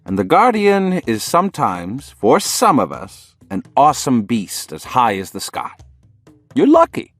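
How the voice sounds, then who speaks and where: A man's voice: mid-range voice, huge pitch swings, a little slow, a bit bright, no echo, faint music behind, full character voice. A man voicing an amused teasing sorcerer teacher. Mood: calm. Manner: laughing, mocking, matter-of-fact.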